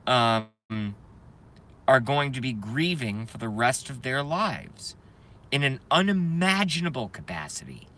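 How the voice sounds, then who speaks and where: A man's voice: medium pitch, bright, forceful tone. A man hosting a live stream, ranting heatedly and emphatically and repeating his phrases for effect. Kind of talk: impassioned live-stream rant.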